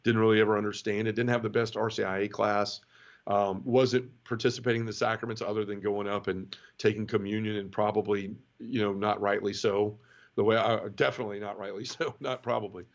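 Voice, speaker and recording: A middle-aged man from the southern United States, giving an emotional personal testimony in an interview, halting and full of restarts. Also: lowish voice, flat delivery. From Memphis area, southern United States. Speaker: guest. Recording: dull lo-fi audio.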